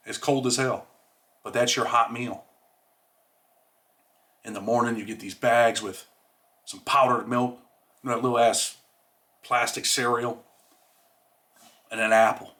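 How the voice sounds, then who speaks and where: A man's voice: medium pitch, pushed and bright. A man hosting a casual monologue, talking in streetwise slang and saying "man" often. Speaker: host.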